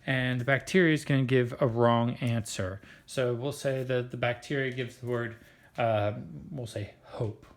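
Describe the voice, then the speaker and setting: A man's voice: medium pitch, fairly even intonation, measured pace. A man explaining a biology lesson in a chatty, playful way, with plenty of filler words. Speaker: science teacher.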